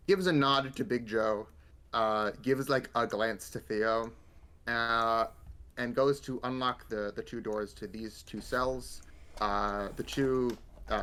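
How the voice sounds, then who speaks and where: A man narrating as game master of a tabletop role-play, halting with many ums and uhs. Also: mid-range voice, fairly bright tone, a little hiss or hum.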